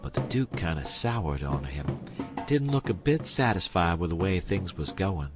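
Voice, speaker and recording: Male narrator, low register, easygoing folksy reading over background music. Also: very animated, normal speed. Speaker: audiobook narrator. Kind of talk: audiobook reading.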